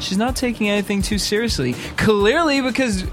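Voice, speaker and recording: A man presenting entertainment gossip news in a playful, lively way. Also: high voice, a little fast, music in the background.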